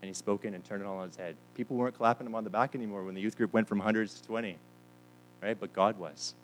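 A man's voice: fairly low pitch, steady tone, fast talker, soft background music, poor audio. A man preaching a sermon, telling stories and acting out the lines of the people in them. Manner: storytelling with quoted voices, repeats words. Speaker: pastor.

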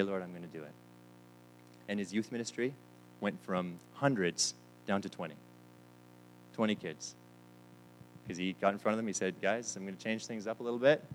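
A man's voice: lowish voice, a little fast, faint music behind, poor audio. A man preaching a sermon, telling stories and acting out the lines of the people in them. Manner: storytelling with quoted voices, repeats words. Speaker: pastor.

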